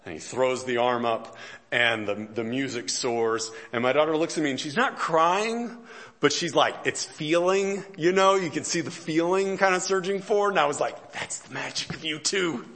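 A man's voice: a little high, moderate pace, fairly bright tone. Man telling humorous stories in a sermon. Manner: conversational storytelling with self-deprecating humor; frequent fillers and restarts, chuckles between lines. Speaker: pastor.

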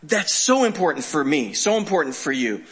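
Preacher guy teaching scripture, bright husky voice, chatty and animated. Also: fairly high pitch, normal speed. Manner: conversational, animated, asks rhetorical questions. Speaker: pastor. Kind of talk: sermon, Bible teaching.

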